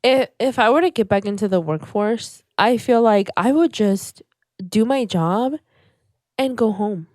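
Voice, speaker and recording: A woman's voice: on the high side, a little slow, a little mellow, no room sound, clean studio sound. A woman co-hosting a casual podcast chat, talking candidly about her own flaws. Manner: candid, self-deprecating. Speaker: podcast co-host.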